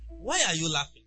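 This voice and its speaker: A man preaching a sermon, asking the congregation rhetorical questions and swinging from soft asides to loud emphasis. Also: fairly high pitch, breathy edge, poor audio. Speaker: pastor.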